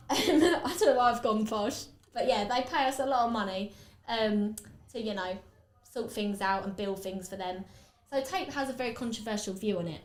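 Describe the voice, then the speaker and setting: A woman's voice: on the high side, normal speed, echoey room, poor audio. A woman with an Essex accent hosting a podcast, chatting casually and rambling with lots of fillers while she does her makeup. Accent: Essex English. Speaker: podcast host.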